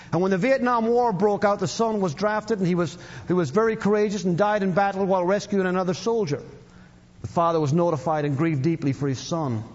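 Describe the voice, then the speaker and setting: A man preaching a sermon, telling a story and leading a prayer, emphatic, with his voice lifting for emphasis and sinking low and slow as he prays. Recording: dull sound with long hall reverb.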